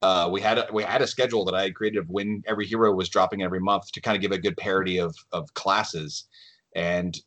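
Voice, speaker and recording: A man with a fairly low voice talks as a podcast guest. He is easygoing and self-deprecating, working through his thoughts out loud in relaxed conversation. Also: quick pace. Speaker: lead game developer, podcast guest. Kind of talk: casual podcast chat.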